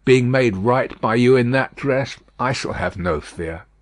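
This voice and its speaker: A man reading an audiobook, voicing a timid, nervous male spy who speaks in a hurried, anxious way. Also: medium pitch, lively intonation, no room sound, close to an everyday voice.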